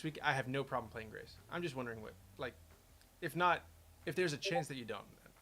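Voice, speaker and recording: Chatty, lively game developer man. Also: mid-range voice. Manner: rambling, chatty, self-interrupting. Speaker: game developer playing his own game. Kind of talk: casual gameplay commentary.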